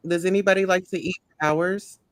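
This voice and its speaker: High-voiced, laid-back man. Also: steady tone, brisk. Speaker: chat panelist.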